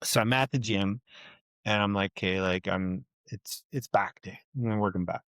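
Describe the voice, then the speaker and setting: A man's voice: fairly low pitch, normal speed, no room sound. A man in his thirties, a podcast co-host, telling a story in casual chat, swearing freely and acting out both sides of an argument. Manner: animated, profane, acts out both sides of an argument.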